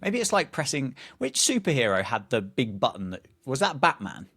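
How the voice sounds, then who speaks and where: A man's voice: medium pitch, wildly swooping pitch, moderate pace, a bit bright, breathy edge. A man co-hosting a podcast, chatting casually and drifting into playful, rambling tangents with small restarts. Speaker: podcast co-host. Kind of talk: casual chat.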